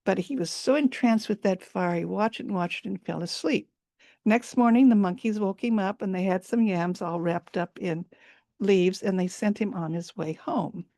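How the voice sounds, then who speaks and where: A woman's voice: medium pitch, normal speed, dark tone, dry recording, clean studio sound. A woman storyteller telling a folk tale live over a video call, repeating words for emphasis and dwelling on sensory detail.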